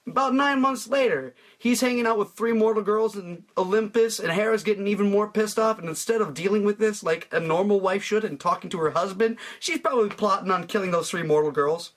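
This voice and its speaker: A man's voice: sits high, brisk, a bit bright. A young man retelling a myth as crude comedy, rambling and profane, laughing as he goes. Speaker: storyteller.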